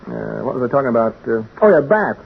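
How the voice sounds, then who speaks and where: An actor playing a nervous, chatty radio announcer who stammers and rambles, in a 1940s radio drama. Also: male voice, mid-range voice, big pitch swings, fast talker, vocal fry, slight background noise. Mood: uneasy. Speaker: radio announcer in a haunted house. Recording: tinny old 1940s radio broadcast.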